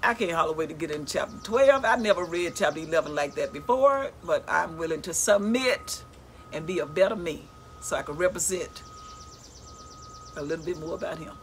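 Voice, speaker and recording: A middle-aged woman, reading scripture aloud and commenting on it in a chatty, lively way, laughing often. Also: low voice, brisk, a little hiss or hum. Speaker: Bible study vlogger.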